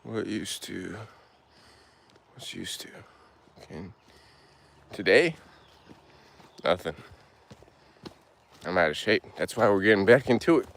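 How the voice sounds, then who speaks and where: A man's voice: lowish voice, lively intonation, slow pace, creaky, long pauses, a bit bright, slight background noise. A man out of breath, hiking a hilly trail outdoors and chatting casually as he answers live chat. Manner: breathless, laid-back, answers chat questions aloud.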